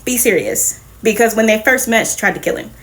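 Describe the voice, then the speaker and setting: A woman hosting a casual comic book review, retelling the story in a lively, profane way with quick laughs. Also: fairly high pitch. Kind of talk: casual recap and reaction.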